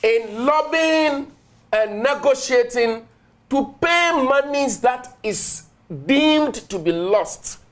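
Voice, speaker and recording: Ghanaian mp going at it on a panel, combative, voice jumps all over. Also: male voice, slow. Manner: forceful, challenging, lively pitch. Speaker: member of parliament, panel guest. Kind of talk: heated political debate.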